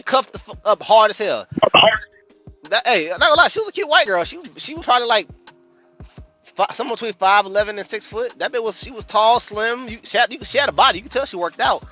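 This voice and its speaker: A man with a high, bright voice tells a story on a podcast, swinging his pitch up and down. He talks casually and profanely, with bursts of loud emphasis. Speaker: podcast host. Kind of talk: casual chat.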